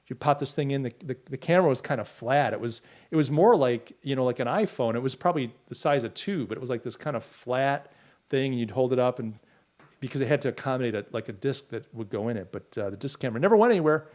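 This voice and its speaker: A man's voice: medium pitch, lively intonation, fast, darkish tone. A middle-aged man hosting a podcast, rambling through opinions and reading out viewer comments in casual livestream talk. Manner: opinionated, rambling, many restarts. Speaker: podcast host.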